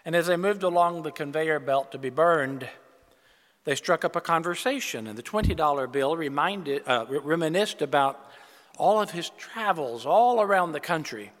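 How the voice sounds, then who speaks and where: A man's voice: on the high side, lively intonation, moderate pace, a bit bright, big-room sound. An older male preacher giving a sermon, opening with jokes and then speaking earnestly about giving and stewardship. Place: church.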